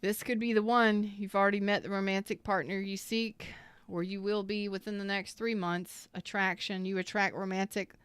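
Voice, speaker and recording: A woman's voice: medium pitch, little pitch movement, moderate pace, smooth, no echo. A woman giving a heartfelt tarot reading, earnest and emotional, repeating phrases and sounding close to tears. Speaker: tarot reader.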